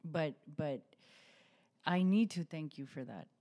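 Heartfelt woman with a mellow voice. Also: sits low, animated. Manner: heartfelt, halting, with restarts and soft laughs. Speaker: podcast host. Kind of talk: emotional personal testimony in an interview.

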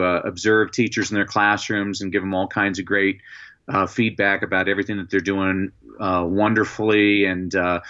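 A man being interviewed as an educator and motivational speaker, telling lively stories with many "uh" fillers. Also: fairly low pitch, dull audio. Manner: lively anecdotes, frequent "uh" fillers. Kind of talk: storytelling in a podcast interview.

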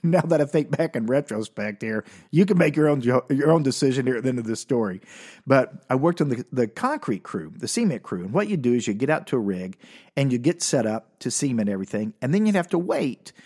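A man's voice: medium pitch, very animated, brisk, a little mellow, breathy edge. A man casually telling a personal story, rambling and correcting himself with a wry, dry humor.

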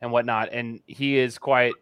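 A man's voice: medium pitch, normal speed, clean tone, no room sound, muffled recording. Chatty, dry-sounding male host. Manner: chatty and animated. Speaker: podcast host. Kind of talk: casual interview talk.

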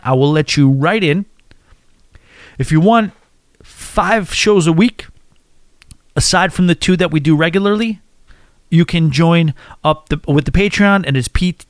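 A man's voice: on the high side, no room sound, clean studio sound. A man hosting a casual podcast, rambling and chatty as he answers listener questions. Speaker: podcast host.

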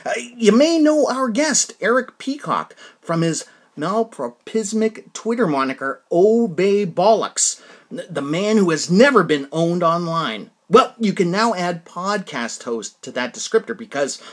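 A man's voice: high voice, very animated, a little slow. A man hosting a podcast interview, upbeat and chatty, often repeating his words. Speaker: podcast host. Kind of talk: casual interview.

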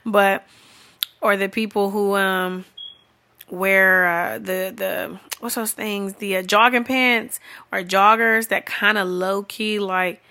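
A woman's voice: medium pitch, pushed and bright. A woman ranting bluntly and profanely in an unscripted comedic monologue, sounding exasperated and often laughing. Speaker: vlogger.

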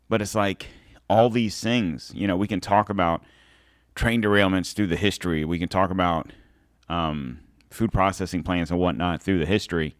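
A man with a low voice hosts his own show, giving a rambling political commentary monologue that is heated and sarcastic. The recording is dry and studio quality.

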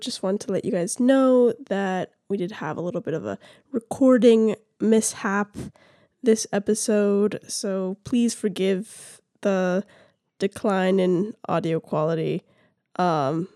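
A woman's voice: medium pitch, mellow. A woman co-hosting a casual film podcast, playful and jokey, often saying "like" and "literally", on a recording of reduced audio quality. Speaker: podcast co-host. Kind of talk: casual chat.

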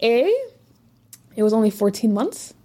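A young woman co-hosting a casual podcast chat, animated and teasing. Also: fairly high pitch, a little slow, breathy edge. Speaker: podcast co-host.

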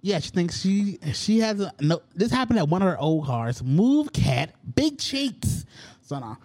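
Young male host, casual and profane, voice on the higher side and very lively. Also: normal speed. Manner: profane, exasperated storytelling. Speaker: podcast host. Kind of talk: casual chat.

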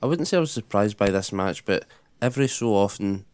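Man, low voice, blunt sweary play-by-play recap, dry close sound. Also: animated, fairly quick, a little mellow, clean tone, dry recording. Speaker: podcast co-host recapping matches. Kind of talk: casual recap.

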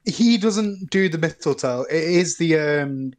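A man's voice: on the high side, animated, measured pace. Man, podcast guest, casual chat, dry teasing asides.

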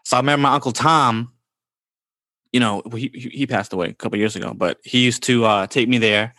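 A man's voice: medium pitch, brisk, bright, forceful tone, no room sound. Laid-back slangy man from the Bronx. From New York, the Bronx. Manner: laid-back, slangy, says "bro" often. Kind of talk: casual storytelling chat.

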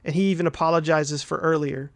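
A man with a fairly high voice talks through a film plot like a podcast host, rambling and swearing freely. He stacks up fillers and keeps checking in with "right?". The sound is dry and close, with no room around it. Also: fairly even intonation, fast, dry recording. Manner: rambling, profane, heavy fillers and "right?" tags. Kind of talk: casual film recap.

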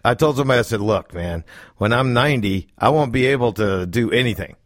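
A man's voice: lively intonation, fast, no echo. Dry-sounding man in casual chat. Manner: low-key, repetitive emphatic asides.

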